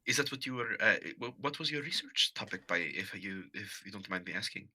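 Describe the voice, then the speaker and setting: Man playing an awkward shy woman adventurer, nervous polite questions, bright and tense. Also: fairly high pitch, flat delivery, fairly quick, no echo, studio quality, voice pushed up.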